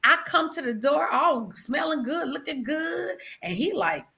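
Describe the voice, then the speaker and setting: A woman with a fairly high, bright voice shares her personal testimony on an interview show. She is animated and exclamatory and addresses her listener as "girl". She sinks to hushed tones at solemn moments, and her pitch rises and falls widely. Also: a little slow. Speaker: guest sharing her testimony. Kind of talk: emotional personal storytelling.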